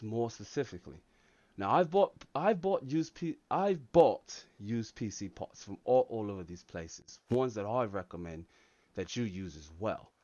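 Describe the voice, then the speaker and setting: A streamer doing an impression of a cool British film actor, speaking slow and low. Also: male voice, a little mellow, no echo, highs cut off.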